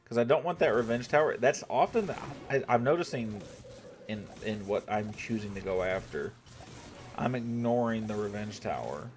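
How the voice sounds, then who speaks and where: A man's voice: on the low side, animated, normal speed, slight background noise. A young man streaming a strategy game, thinking aloud to his chat and swearing when irritated. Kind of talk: casual gameplay commentary to chat.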